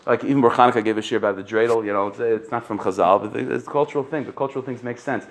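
A man giving a casual Torah class, animated and full of restarts, sprinkling in Hebrew and Yiddish terms. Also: mid-range voice, rapid-fire. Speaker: Torah teacher.

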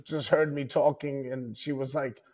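A middle-aged man with a New York accent, a podcast guest who talks bluntly and gruffly and swears freely. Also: mid-range voice, steady tone, normal speed, darkish tone. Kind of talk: casual chat.

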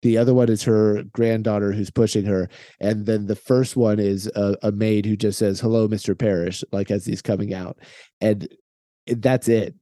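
A man's voice: fairly low pitch, little pitch movement, moderate pace, warm tone, dry recording. A man guesting on a casual film podcast, chatty and wry, laughing now and then. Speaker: podcast guest, co-host of another show.

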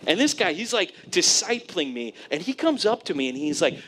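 Animated male preacher telling a story. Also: on the high side, brisk, few pauses, slight background noise. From California, USA. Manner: animated storyteller, frequent "right?" asides. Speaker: pastor. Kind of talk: sermon with personal story.

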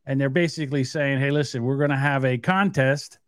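A man's voice: mid-range voice, fairly even intonation, brisk, clear, resonant tone, no room sound, studio quality. A man co-hosting a casual podcast who rambles and banters with many fillers. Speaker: podcast co-host.

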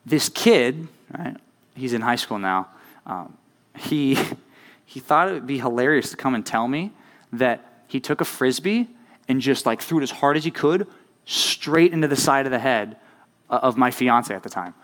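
A young man with a medium-pitched, fairly bright voice and lively intonation speaks at a normal speed. As a youth pastor, he gives a chatty sermon to a youth group. He constantly checks in by asking "right?"

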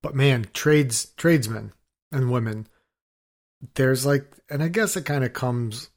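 A man in casual conversation, telling rambling stories full of fillers and swearing, and acting out shouting coworkers. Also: mid-range voice, measured pace. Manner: rambling storyteller, swears freely, filler-heavy; acts out other people's shouting in his stories. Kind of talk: casual chat.

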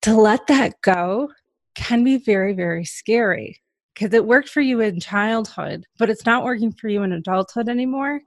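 A woman's voice: mid-range voice, no echo. A woman guest on a podcast, candidly telling a personal story in a reflective way, often hedging with small fillers.

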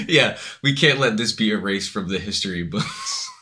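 A man's voice: lowish voice, huge pitch swings, bright, forceful tone. A young man co-hosting a casual podcast with his father, joking and laughing as he mimics scenes. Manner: laughing, joking, quick mock quotes. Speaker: podcast co-host, son. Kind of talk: casual chat.

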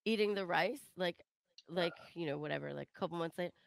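A woman's voice: fairly low pitch, fast talker, creaky, no echo. A woman co-hosting a podcast, chatty and laughing as she tells stories. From Philippines heritage. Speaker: podcast co-host. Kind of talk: casual chat, storytelling.

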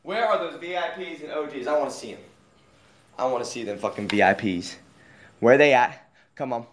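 A young man livestreaming who hypes up his chat with loud, profane shouting. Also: mid-range voice, a little fast. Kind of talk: hyped livestream hype-up. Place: outdoors at night in a warm, mosquito-filled spot. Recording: echoey live stream audio.

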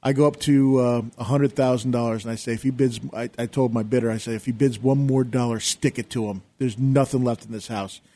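A middle-aged man telling an animated story as a guest on a talk show, acting out his own shouting. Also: medium pitch, brisk, hardly any pauses. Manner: lively storyteller who acts out his own yelling. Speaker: guest, real estate investor.

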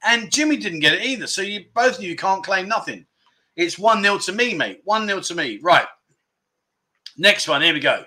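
A man with a high, expressive voice and a sharp edge hosts a casual livestream at a moderate pace. He reads out viewer guesses and teases the chat jokily, bantering constantly and throwing around plenty of "mate" and "no."

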